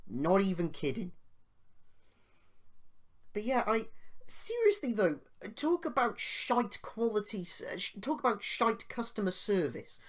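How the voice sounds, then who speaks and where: A British man hosting a podcast, rambling through a personal story with tangents and growing indignant as he retells it. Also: high voice. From United Kingdom. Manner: grows loud and indignant while retelling. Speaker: podcast host.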